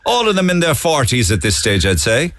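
A man's voice: mid-range voice, very animated, brisk, fairly bright tone, dry recording, clean studio sound. A man hosting a radio interview, teasing and laughing with his guests. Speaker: radio host.

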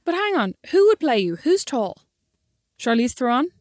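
A young woman co-hosting a podcast with her sister, telling a story with mock-scolding asides and quick laughter. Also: sits high, big pitch swings, darkish tone, dry recording, studio quality. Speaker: podcast co-host. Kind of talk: casual sisterly chat.

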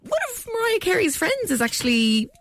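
A woman's voice: very high voice, very animated, fairly quick, a bit bright, no room sound. An Irish woman hosting a radio quiz, teasing and giggling, in a studio with music behind her. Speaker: radio host.

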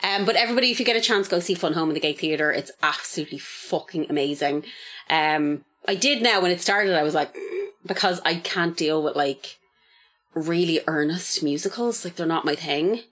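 Young woman, podcast co-host, lower voice, loose and sweary storyteller. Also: a little fast. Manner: chatty, swears freely, animated storytelling. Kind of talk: casual chat.

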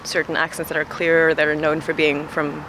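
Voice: mid-range voice, monotone, a little fast, noisy background. A speaker who grew up in Singapore answers a street interview outdoors, reflective and searching for words. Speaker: passer-by interviewee.

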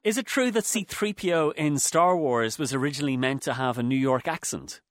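A man's voice: medium pitch, fairly quick, no room sound, studio quality. A man hosting a radio interview who asks the guest brief, prompting questions.

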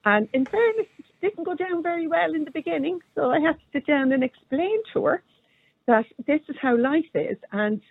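A woman's voice: high voice, animated, moderate pace, no echo. A woman with an Irish accent calling into a radio show, firm and down-to-earth in a matter-of-fact way. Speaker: caller. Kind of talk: phone-in call to a radio show. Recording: tinny phone line.

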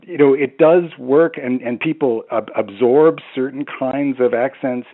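A man talks as an expert guest on a radio show, stumbling through restarts and "you know"s as he explains. His voice is mid-pitched and comes through a thin, phone-like line. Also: a little slow.

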